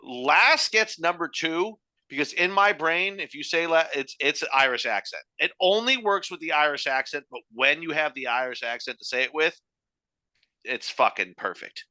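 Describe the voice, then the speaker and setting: A young adult man co-hosting a podcast in casual chat, animated and jokey, swearing freely. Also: a little high, moderate pace, dry recording. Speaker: podcast co-host.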